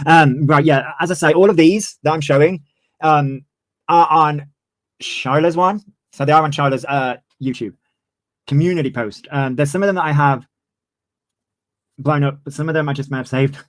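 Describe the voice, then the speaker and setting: A man's voice: a little high, normal speed, pauses often, no echo. A man in his twenties, ranting heatedly on a livestream and swearing freely. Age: 20s. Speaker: streamer. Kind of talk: livestream commentary.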